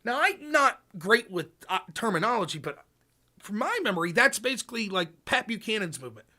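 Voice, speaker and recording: A man hosting a casual political chat show, talking in an animated, profane, ranting way. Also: high-pitched, fairly quick. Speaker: podcast host.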